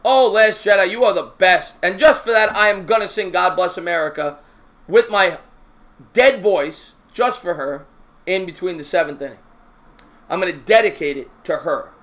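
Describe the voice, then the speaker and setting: A man streaming his own baseball play-by-play, calling pitches and chatting with viewers in a jokey, excitable way. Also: normal speed. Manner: excitable, raises voice on big hits. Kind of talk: live-stream baseball play-by-play with chat shout-outs.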